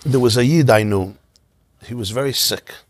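A man, a rabbi, giving an informal synagogue class, telling stories in a conversational, animated way. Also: medium pitch, normal speed, no room sound. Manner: conversational, storytelling, animated asides.

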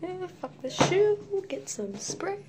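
A woman's voice: very high voice, very animated, takes it slowly, background noise. A scared, jumpy woman rambling and swearing nonstop as she films in her bedroom at night on a handheld phone. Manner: jittery, swears constantly, rambles nervously. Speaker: vlogger. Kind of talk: casual rambling phone vlog.

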